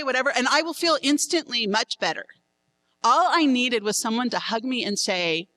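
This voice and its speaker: Frank middle-aged woman, slightly high. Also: expressive, moderate pace, bright, forceful tone, poor audio. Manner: frank, laughing asides. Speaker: seminar speaker. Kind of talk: candid talk to couples.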